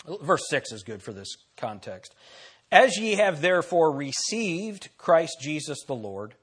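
A man delivers a sermon from the pulpit in a somewhat high voice. He repeats key phrases for emphasis and puts questions to his listeners, swinging from forceful declarations down to near-hushed asides. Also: big pitch swings, a little slow, husky. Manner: preaching with dramatic swings between loud and soft. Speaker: pastor.

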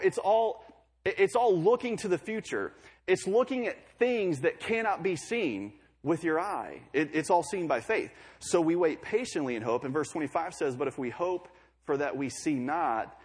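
A man's voice: on the high side, lively intonation, measured pace, breathy edge. A young man preaching a sermon in a conversational way, with joking asides between scripture readings.

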